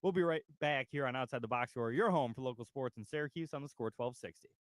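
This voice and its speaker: A man's voice: medium pitch, quick pace, no echo, clean studio sound. A man co-hosting a local sports radio show, joking loosely, swearing and laughing as he chats. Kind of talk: casual sports chat.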